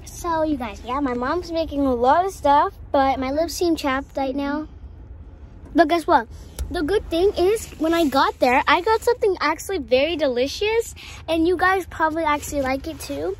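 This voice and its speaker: A young speaker chatting excitedly to viewers while filming on her mom's phone. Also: high voice, moderate pace, a little hiss or hum. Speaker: vlogger's daughter. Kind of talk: casual vlog chat.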